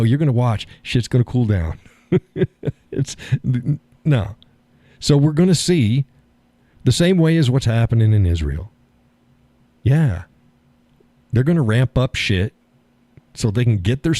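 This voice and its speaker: A man's voice: fairly low pitch, mellow, no echo. A man hosting a live stream, chatting casually, often laughing, folksy and blunt with casual swearing. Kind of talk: casual chat.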